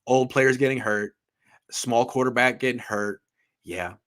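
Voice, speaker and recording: A man hosting a casual sports podcast, talking in an animated, jokey way that often trails off and restarts. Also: medium pitch, unhurried.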